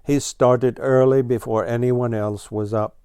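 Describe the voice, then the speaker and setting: A man reading a children's story aloud in a slow, even storytelling manner. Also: mid-range voice, smooth, no echo, clean studio sound. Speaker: storybook reader.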